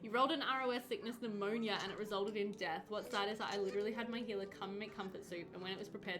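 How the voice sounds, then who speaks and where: A woman streaming a game live, chatting with her viewers, reading their comments aloud and reacting with bright exclamations. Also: medium pitch, fairly even intonation, rapid-fire, few pauses. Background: game music.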